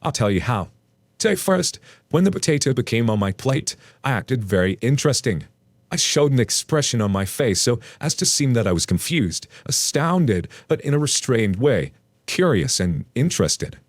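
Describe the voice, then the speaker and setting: A man reads a story aloud into a close mic, his mid-pitched voice animated and full of playful asides. The sound is dry and close, with no room around it. Between stories he slips into easy, casual commentary for his listeners. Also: moderate pace, no room sound. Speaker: story narrator.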